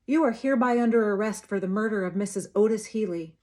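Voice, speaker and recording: A woman voicing a gruff, hostile frontier sheriff who speaks with open contempt. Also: mid-range voice, quick pace, mellow, lightly acted. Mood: stern. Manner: mocking, contemptuous, snarling.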